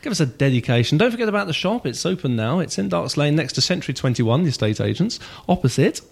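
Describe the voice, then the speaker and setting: Lively joking male radio host. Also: a little high, fast, vocal fry, slightly rough. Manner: jokey, teasing, chatty. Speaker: radio breakfast show co-host. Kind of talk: casual radio banter. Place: radio studio.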